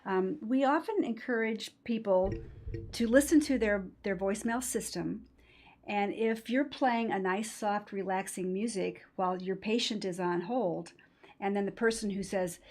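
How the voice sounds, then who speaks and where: A woman's voice: mid-range voice, moderate pace, darkish tone. Emphatic woman explaining as a trainer. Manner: emphatic, explanatory, with quoted voices. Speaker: patient-experience trainer. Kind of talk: interview conversation.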